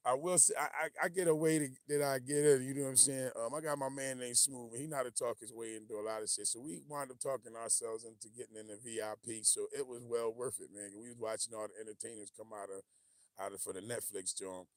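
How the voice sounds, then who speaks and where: A man with hosting a casual livestream, rambling and animated, often losing his train of thought and laughing as he reads viewer comments. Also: mid-range voice, brisk, no room sound, studio quality. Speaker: livestream host.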